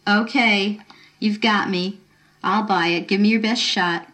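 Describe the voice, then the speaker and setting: A woman's voice: medium pitch, steady tone, a little slow, a bit bright, lightly acted. A woman voicing a bitter nineteen-year-old girl who sneers and snaps, as she reads a story aloud. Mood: wary. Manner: sneering, snapping.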